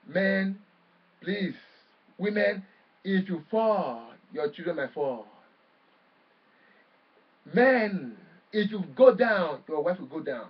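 High husky male preacher, sounds far off and muffled, loud then hushed. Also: animated, slow pace, pauses often. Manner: forceful preaching with sudden loud bursts and soft drops. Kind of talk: sermon.

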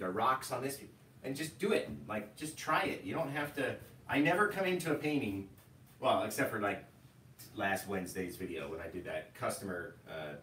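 A man's voice: on the low side, a bit bright. A man teaching painting live in a casual, rambling way, often drifting into stories. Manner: rambling, chatty, storytelling asides. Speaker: painting instructor. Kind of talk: casual live tutorial chat. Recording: echoey room, distant mic, faint noise.

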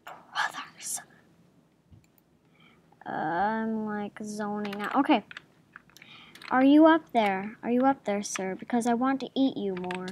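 A woman's voice: medium pitch, measured pace, a little mellow, a little hiss or hum. A woman hosting a gaming channel, giving playful, giggly gameplay commentary at her home computer and chatting to the game's creatures.

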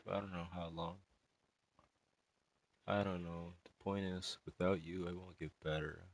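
A distraught young male student in an emotional spoken monologue, rambling and halting, with many sighs and fillers. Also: sits low, fairly even intonation, vocal fry, no room sound, poor audio.

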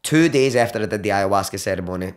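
A Glaswegian man from Scotland, a podcast guest who tells his story in casual chat, animated and swearing freely. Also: fairly low pitch, fast talker, clear, resonant tone. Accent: Glaswegian Scottish. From Glasgow, Scotland. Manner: animated, swears freely, acts out quoted voices.

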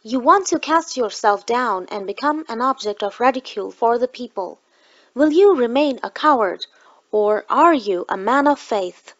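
A woman voicing a stern divine voice that scolds a man, speaking slowly and solemnly. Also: fairly high pitch, expressive, fairly bright tone, highs cut off.

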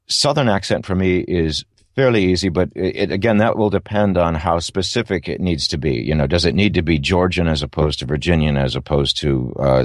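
A man's voice: a bass voice, no echo, clean studio sound. A middle-aged man, an audiobook narrator, giving thoughtful, rambling interview answers with many fillers and restarts.

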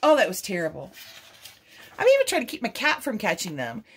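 A woman's voice: medium pitch, huge pitch swings, a little fast, slightly rough. A middle-aged woman hosting a craft vlog, cooing and giggling as she unboxes gifts. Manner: gushing, coos and giggles. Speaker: craft channel host.

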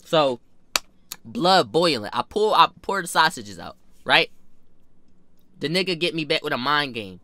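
A man telling a story casually, animated and full of slang, swearing and repeating lines for emphasis. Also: fairly high pitch, a little slow, pauses often.

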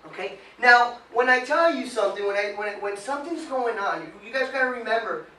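A man gives a lively motivational talk to a small group, firing questions at them and mimicking whiny complaints. His voice sits high and carries through a roomy space. It is heard from a distance against faint background noise. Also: brisk. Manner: animated, quizzes the audience, mimics whiny voices. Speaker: motivational speaker.

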